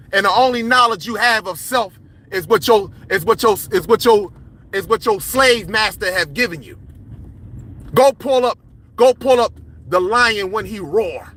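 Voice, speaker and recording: A man with a very high, bright, forceful voice hosting a livestream. He talks in a heated, confrontational rant, preaching at his viewers and often breaking into a yell. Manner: impassioned, yelling, confrontational, preachy. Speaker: livestream host.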